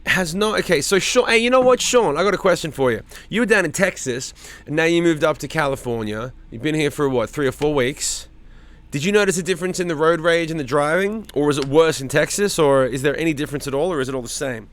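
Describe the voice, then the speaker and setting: At home on a livestream, a man reads viewer comments and chats loosely with his audience, addressing people by name and swearing freely. His voice is fairly high and a bit bright, and he talks fast.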